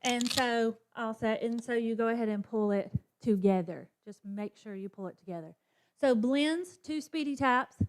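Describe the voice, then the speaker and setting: A woman teacher, fairly high-pitched and at a moderate pace, gives other teachers a phonics demonstration for professional development. She sounds out letters and models the classroom chants.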